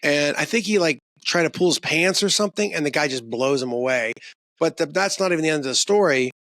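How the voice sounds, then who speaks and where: A man argues hard as a podcast guest, his voice sitting a little high for a man and recorded dry and close. He pushes each point with emphasis and restarts sentences as the thought outruns him. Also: animated, fairly quick, a bit bright, no room sound. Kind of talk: heated conversational rant.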